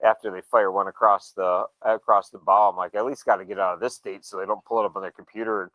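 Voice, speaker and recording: A man in casual chat telling a story, acting out the quoted dialogue in a relaxed way. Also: fairly low pitch, fast, no echo, low-quality recording. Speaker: show regular, motorcyclist.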